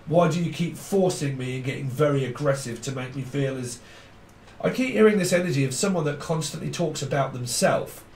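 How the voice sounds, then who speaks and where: A man's voice: medium pitch, a little mellow, slight background noise. A man giving a rambling tarot reading, blunt and swearing casually as he goes. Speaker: tarot reader. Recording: echoey room, mic at a distance.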